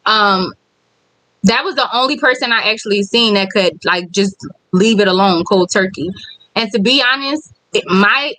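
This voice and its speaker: An adult woman with kids, a vlogger, talks candidly on a casual livestream and reads viewer comments aloud. Her medium-pitched voice is bright and forceful. The recording has no echo but is low quality.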